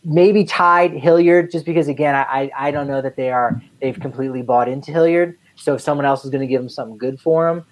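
Low-voiced woman talking sports casually. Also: fairly even intonation, fast, hardly any pauses, a little hiss or hum, low-quality recording. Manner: conversational, rambling, hedges with fillers. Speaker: podcast co-host.

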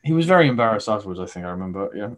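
A man's voice: lowish voice, animated, rapid-fire. A man, a stage actor, chatting as an interview guest over a video call, rambling with many fillers and restarts.

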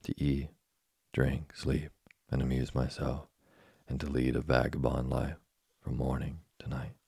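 Defiant puppet boy, read by a man for a sleep story; deep, flat, husky. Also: a little slow, no echo, studio quality, exaggerated voice. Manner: defiant, impatient retorts. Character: stubborn young wooden puppet boy, impudent.

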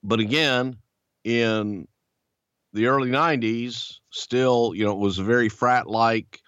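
A man's voice: a little slow, smooth, no echo, lo-fi sound. A man hosting a podcast, telling an old story in a casual, profane way and acting out what others said. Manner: animated, profane, acts out quotes in a much higher voice. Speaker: podcast host.

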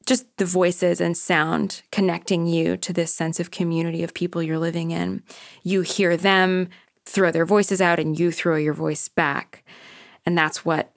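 A woman hosting a podcast, reading a reflective, measured introduction. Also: lowish voice, dry recording, clean studio sound. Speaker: podcast host. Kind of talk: scripted narration.

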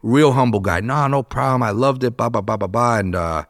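A man in his thirties, a podcast guest, telling a story in casual chat, animated and swearing, acting out what people said. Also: mid-range voice, brisk. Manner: animated, swears, acts out quotes.

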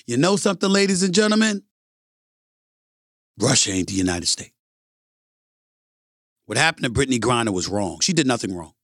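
A man's voice: a little high, no echo, studio quality. A man, a sports commentator delivering an opinionated monologue with emphatic repetition. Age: 50s. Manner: emphatic, repeats phrases for punch, addresses "ladies and gentlemen".

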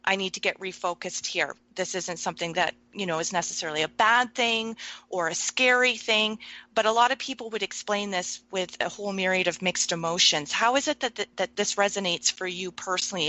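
A woman's voice: lowish voice, pushed and bright, rough recording. A woman hosting an interview, asking long, winding questions. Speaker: interview host.

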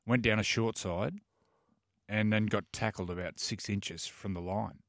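A fairly low-voiced man reminisces in a relaxed way on a radio show, recalling old stories. The sound is dry and close. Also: measured pace, dry recording. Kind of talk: casual storytelling on radio.

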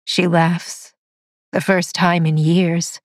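A woman narrating a dark science-fiction story in a slow, measured, dramatic reading. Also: on the low side, level tone, dry recording, studio quality. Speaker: audiobook narrator.

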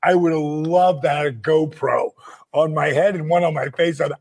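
A man with a husky, rather high voice tells a story on a podcast. He is animated and playful, acting out the other people in the story and breaking into laughter as he goes. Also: moderate pace. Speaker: podcast host. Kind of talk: casual storytelling chat.

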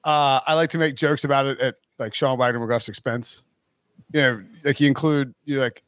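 A man's voice: mid-range voice, normal speed, fairly bright tone, dry recording. A man hosting a casual sports podcast, rambling with lots of fillers and restarts and chuckling as he goes. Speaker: podcast host.

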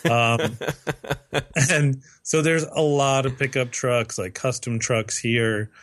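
A man's voice: mid-range voice, fairly even intonation, slow, a bit bright. Man, podcast co-host, loose rambling delivery with fillers and restarts. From lives in western Canada. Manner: rambling, many fillers and self-corrections. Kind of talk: casual chat.

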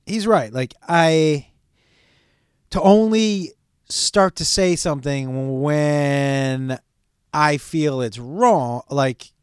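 Solo podcast host, middle-aged man, loose confessional monologue with swearing, fairly high-pitched. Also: very slow, smooth, no room sound, studio quality. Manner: candid, rambling, swears often.

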